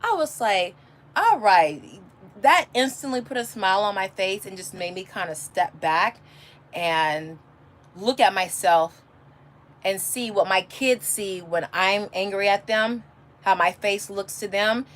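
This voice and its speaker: A woman's voice: mid-range voice, measured pace, fairly bright tone. A homeschooling mother chatting casually on a livestream, telling rambling stories full of restarts. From California. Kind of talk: casual live chat. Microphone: phone or webcam, answering a live chat.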